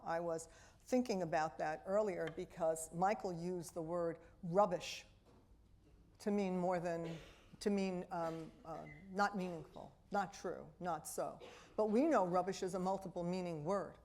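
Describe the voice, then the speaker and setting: A middle-aged woman from Brooklyn with a New York accent, a speech and language pathologist giving a lively, wry talk to a room of parents. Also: lowish voice. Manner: animated, wry, talks straight to the audience. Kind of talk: lively public lecture to an audience. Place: auditorium before a live audience.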